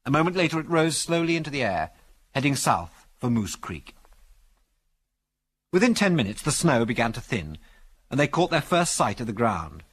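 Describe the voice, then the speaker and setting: A man narrates an adventure story with expressive, animated pitch, at a medium pitch for a man. His reading rises and falls to carry the action. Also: normal speed, long pauses, slightly rough. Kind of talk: audiobook reading.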